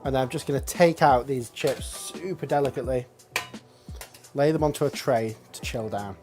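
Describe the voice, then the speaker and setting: British man, chef, cooking demo, calm instructions, faint background music. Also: mid-range voice, moderate pace. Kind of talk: cooking demonstration.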